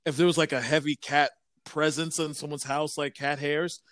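A man with a smooth, resonant, slightly higher voice chats on a podcast. He rambles and hesitates, filling gaps with ums and uhs. The sound is dry and close, with no room echo. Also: level tone, moderate pace, a bit bright. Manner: rambling, hesitant, many fillers. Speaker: podcast co-host. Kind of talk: casual chat.

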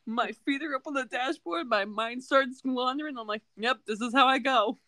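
A woman's voice: high-pitched, normal speed, bright, forceful tone, no echo. A young woman co-hosting a casual chat, frank and swearing casually as she tells stories. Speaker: podcast co-host.

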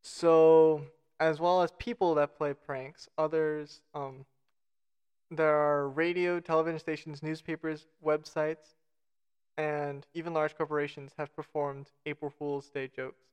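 A man's voice: a little high, flat delivery, unhurried, a little mellow, clear, resonant tone. A man co-hosting a casual podcast, reading out facts with self-mocking jokes and stumbling over foreign names. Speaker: podcast co-host.

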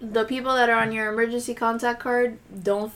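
A young woman on a podcast, telling stories in casual chat, swearing freely and animated. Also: on the high side, brisk. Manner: profane, animated storytelling. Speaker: podcast host.

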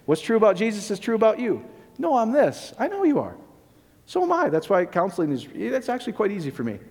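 A man with a fairly high voice delivers a loose, conversational sermon as pastor, repeatedly checking in with the congregation with rhetorical questions. His words ring out with a long reverb, as if from a large church sanctuary. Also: huge pitch swings, quick pace, a little mellow.

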